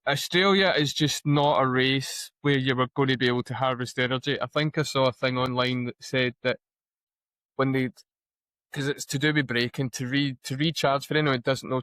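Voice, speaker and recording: A man's voice: medium pitch, fairly even intonation, moderate pace, a bit bright, no echo. A man with a Scottish accent co-hosting a casual podcast, with a dry, sarcastic sense of humour. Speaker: podcast co-host.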